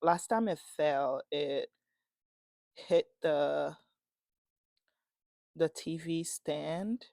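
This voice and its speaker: A woman's voice: deep voice, extremely slow, creaky, pauses often, dark tone, dry recording, clean studio sound. A young woman chatting casually in a home vlog, rambling, restarting her sentences and giggling often. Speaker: vlogger. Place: home, indoors.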